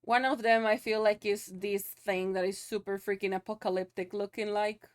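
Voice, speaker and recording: A woman's voice: mid-range voice, fairly even intonation, moderate pace, clear, resonant tone. A young woman streaming live, chatting loosely with her viewers, laughing often and swearing casually.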